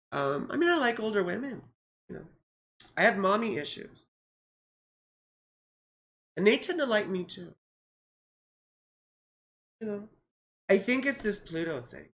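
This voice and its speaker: This American woman in her forties is an astrologer giving live chart readings on a livestream, where she chats casually in a goofy, rambling way and swears without restraint. Her mid-range voice is sing-song, unhurried, and creaky, a bit bright, with frequent pauses. She sounds worn out, yawning and somewhat out of it.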